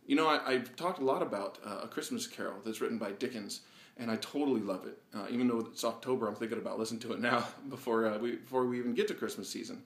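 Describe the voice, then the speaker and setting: Earnest man, slightly breathless, echoey room. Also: medium pitch. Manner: earnest and reflective, with frequent pauses and fillers. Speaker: vlog host. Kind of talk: personal video monologue. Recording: roomy echo.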